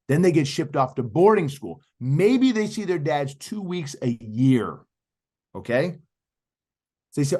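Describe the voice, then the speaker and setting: A man's voice: medium pitch, a little mellow. A middle-aged man talks as an interview guest, emphatic and persuasive. He presses the host with questions and keeps driving his point home. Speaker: podcast guest, youth speaker. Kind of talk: animated interview talk.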